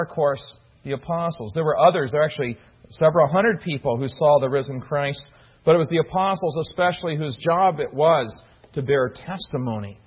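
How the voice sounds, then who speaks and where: Husky-voiced preacher teaching from scripture. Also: male voice, on the high side, dull audio. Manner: earnest teaching, stresses key words, restarts phrases. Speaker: pastor. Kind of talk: expository sermon.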